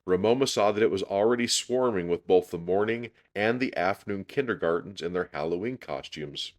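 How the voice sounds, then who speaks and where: A man reading a children's chapter book aloud, expressive and measured. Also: low voice. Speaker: storyteller.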